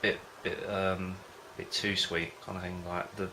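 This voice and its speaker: Deep, flat-voiced rambling home-brew vlogger. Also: male voice, measured pace, a little hiss or hum. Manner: rambling, hesitant, loses his thread. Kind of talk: casual rambling chat to camera.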